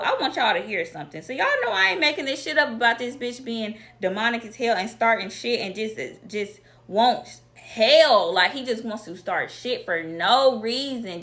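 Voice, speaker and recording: A woman's voice: mid-range voice, bright, forceful tone. A woman telling a casual storytime vlog, blunt and profane, talking straight to her viewers. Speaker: vlogger.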